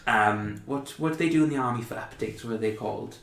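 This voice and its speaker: A man running a tabletop game as game master, talking casually with lots of halting fillers. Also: medium pitch, gravelly, fairly bright tone. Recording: echoey room.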